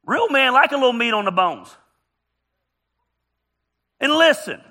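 A man's voice: extremely high pitch, sing-song, fast, sharp tone. A man preaching a humorous, storytelling sermon as a pastor, joking and teasing his congregation. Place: church auditorium.

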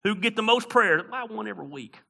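A middle-aged man preaching a sermon as pastor, swinging from loud preaching to quiet storytelling, with folksy slang. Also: sits high, animated, brisk, creaky.

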